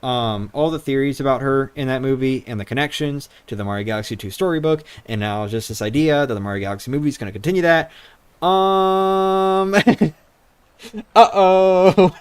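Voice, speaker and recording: Streamer, young adult male, rambling and casual, smooth clear voice, mid pitch, handheld mic. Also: quick pace, hardly any pauses. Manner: rambling, chatty, swears casually. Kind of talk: casual livestream chat. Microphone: handheld microphone.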